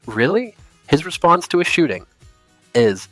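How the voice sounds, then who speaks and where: A man's voice: medium pitch, very animated, brisk, a bit bright, no room sound, faint music behind. Furious man ranting about politics. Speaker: political commentator. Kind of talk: angry political commentary.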